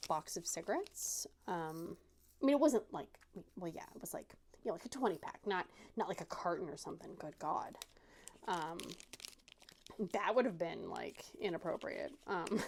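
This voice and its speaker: A woman's voice: fairly low pitch, slight background noise. A woman hosting a craft channel, telling a casual, self-deprecating story with many fillers and restarts.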